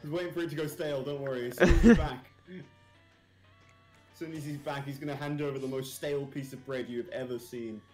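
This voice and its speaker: A man's voice: medium pitch, steady tone, fairly quick, darkish tone, soft background music. A British man bantering on a game stream, joking around, laughing a lot and swearing freely. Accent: British English. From England.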